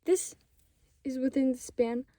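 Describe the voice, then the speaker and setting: A fifteen-year-old girl ranting casually to camera at home, rambling and sidetracked, talking fast in bursts and often dropping to a whisper. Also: sits high, steady tone, warm tone, no echo. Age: 15, teenager. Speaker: vlogger. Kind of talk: casual unscripted rant to camera.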